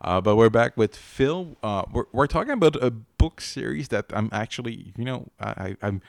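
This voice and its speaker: A man with a French Canadian accent co-hosting a podcast in casual chat, halting with many restarts and fillers. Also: medium pitch, lively intonation, creaky, no room sound, clean studio sound. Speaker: podcast co-host.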